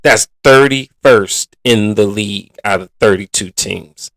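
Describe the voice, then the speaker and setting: Recorded dry, a podcast host's voice sits on the low side, slightly bright and unhurried. He runs a sports show in a laid-back, blunt, exasperated way, leaning heavily on colloquial slang.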